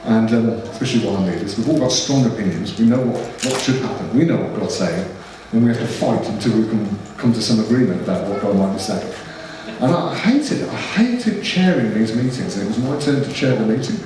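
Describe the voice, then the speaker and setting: A man's voice: lowish voice, expressive, a little fast. A middle-aged man, earnestly telling a personal testimony to a church gathering. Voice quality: earnest, emotional storytelling. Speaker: speaker. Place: large echoey church hall. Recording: echoey hall, distant mic, noisy.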